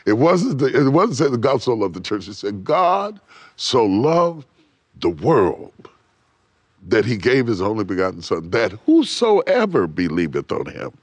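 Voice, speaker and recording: Lively low-voiced man preaching. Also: moderate pace, husky, no echo. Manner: swells up then drops to near whisper, repeats phrases. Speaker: bishop and guest preacher. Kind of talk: preaching on a TV talk show. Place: TV studio set.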